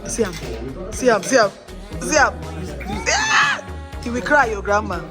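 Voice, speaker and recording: A woman's voice: a little high, brisk, over music, a crowd in the background. A woman, chatting casually to her vlog audience, gushing and laughing often. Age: 30s. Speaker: vlogger.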